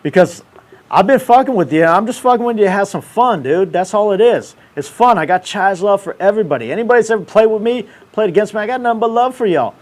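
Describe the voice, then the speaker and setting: A man's voice: high-pitched, animated, fast. A man in his thirties hosting a casual livestream, ranting in brash, profane, slangy banter. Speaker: show host.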